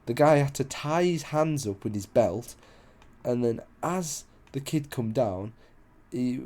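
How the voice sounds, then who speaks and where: A man's voice: medium pitch, expressive, slow, warm tone. A young man casually telling a story, rambling, swearing a lot and losing his place.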